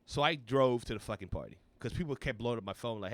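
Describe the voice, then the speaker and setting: Animated storytelling man in his thirties. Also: fast talker, few pauses, no room sound. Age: 30s. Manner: animated, swearing, acts out quotes in a high voice. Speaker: podcast guest, comedian. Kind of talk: casual storytelling chat.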